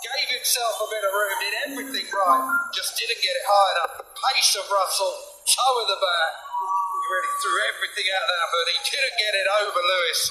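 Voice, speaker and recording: A man giving live cricket commentary, calmly analysing the bowling and batting. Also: high-pitched, roomy sound, music in the background, poor audio. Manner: analytical, measured.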